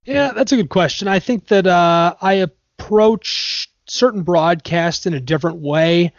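A man's voice: high-pitched, measured pace, vocal fry, dry recording. A man who works as a sports play-by-play commentator, chatting in an interview and explaining his craft with worked examples and restarts. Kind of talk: casual interview talk. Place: Michigan area. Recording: dry, dull lo-fi sound.

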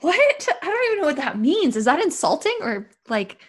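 A woman's voice: high voice, very animated, a little fast. A woman co-hosting a podcast, firing off sarcastic quips in casual chat. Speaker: podcast co-host.

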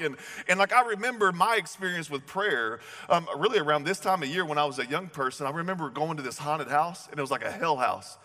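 A man's voice: fairly high pitch, expressive, fairly quick, sharp tone. A man, preaching a sermon in a casual, chatty storytelling way. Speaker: pastor. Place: large church hall. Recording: echoey church hall.

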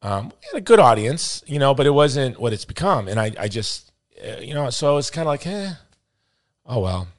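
A man's voice: mid-range voice, normal speed, no echo, clean studio sound. A middle-aged man hosting a podcast, telling a story in casual chat and acting out the voices of the people he quotes. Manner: animated, acts out quoted voices, says dude and brother. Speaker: podcast host.

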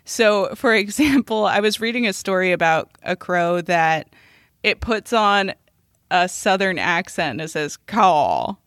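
A woman's voice: mid-range voice, measured pace, fairly bright tone, no echo, studio quality. A woman co-hosting a podcast in casual chat, playful and laughing often. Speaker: podcast co-host.

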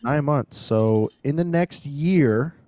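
A man's voice: fairly high pitch, slow. A man co-hosting a podcast, talking casually and swearing a lot as he jokes and reads sponsor plugs. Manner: profane, joking, animated. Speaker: podcast co-host.

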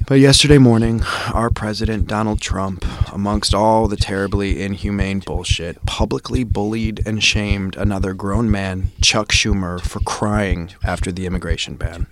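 A man's voice: lowish voice, level tone, moderate pace, hardly any pauses, a bit bright, slight background noise. A man hosting a podcast, giving an intense, rhythmic spoken-word monologue that sometimes drops into a whisper. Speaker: podcast host.

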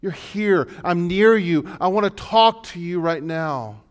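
A man delivers a sermon as a pastor, his somewhat high voice dropping to hushed, low emphasis before climbing into loud, rising exhortation. The delivery is dynamic and preacherly throughout. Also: expressive, a little slow, smooth.

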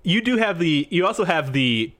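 A man narrating as game master of a tabletop game, lively and filler-heavy, often laughing. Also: a little high, moderate pace.

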